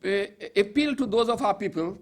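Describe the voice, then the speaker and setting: A man's voice: high voice, lively intonation, normal speed. An older man from Goa, giving an emphatic political speech to an audience with wry asides. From Goa, India. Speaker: public speaker.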